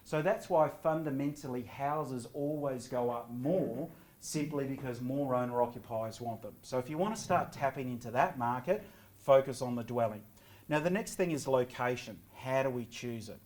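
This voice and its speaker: Middle-aged male presenter, energetic seminar speaker who quizzes the crowd, mid pitch. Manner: energetic, quizzes the audience with quick questions. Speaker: property investment presenter. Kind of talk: seminar talk to a live audience.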